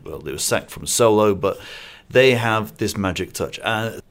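A man's voice: lowish voice, animated, a little slow, gravelly, fairly bright tone. A man co-hosting a film review podcast, chatting casually and rambling a little with restarts and asides. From Singapore-based. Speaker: film critic podcast co-host.

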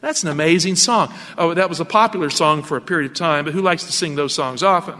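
Bright, high-voiced male preacher. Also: fast talker, big-room sound. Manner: animated and emphatic, asking rhetorical questions. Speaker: radio preacher. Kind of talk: sermon.

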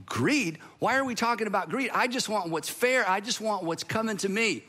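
A man's voice: high-pitched, normal speed, sharp tone. A male pastor voicing an aggrieved man from a crowd who pleads and protests about getting what he is owed. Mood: indignant. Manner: pleading, indignant. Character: aggrieved man in a crowd demanding his share.

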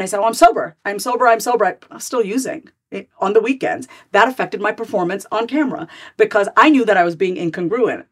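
A woman in her forties, a podcast guest, telling her own story candidly and lively, jumping up and down in pitch as she replays her old thoughts. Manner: animated, swings pitch widely to act out her own past thoughts.

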